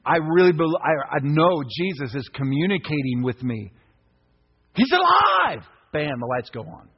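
A man around fifty preaching a sermon as pastor, impassioned, breaking into shouts. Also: on the high side, normal speed, husky. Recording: echoey hall, dull lo-fi sound.

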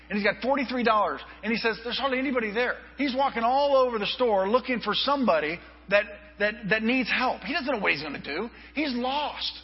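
A man preaches from the pulpit, telling stories with energy and acting out the people in them. His voice sits a little high and a touch husky. The sound rings through a large reverberant room, and a dull, lo-fi recording with a low electrical hum runs underneath. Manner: animated storyteller, acts out quoted voices. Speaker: pastor. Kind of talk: storytelling sermon.

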